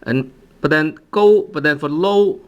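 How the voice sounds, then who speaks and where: A man teaching a language lesson, hesitant, with many fillers, repeating words slowly for practice. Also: a little high, muffled recording.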